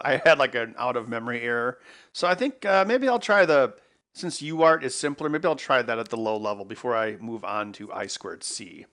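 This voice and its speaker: A man's voice: mid-range voice, fairly bright tone. Man muttering through a project. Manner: muttering to himself while working. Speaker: electronics maker host. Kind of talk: casual work-along narration.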